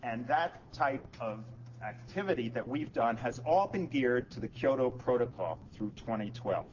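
A man presenting on a conference panel, speaking in a measured, explanatory way. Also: mid-range voice, animated, darkish tone. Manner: measured, policy-minded, frequent fillers and restarts. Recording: dull lo-fi conference recording, faint noise.

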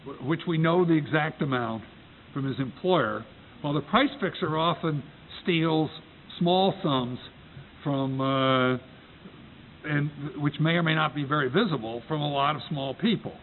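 A man from the United States moderating a panel, introducing the topic with frequent restarts and a wry story. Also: fairly high pitch. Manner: halting, self-correcting, wry storyteller. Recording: tinny phone-like recording with faint noise.

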